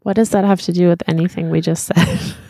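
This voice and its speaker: A woman's voice: lowish voice, fairly even intonation, fairly quick, mellow, dry recording, studio quality. A woman co-hosting a casual podcast, chatting and reading listener emails aloud in an easygoing way. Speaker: podcast host. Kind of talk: casual chat.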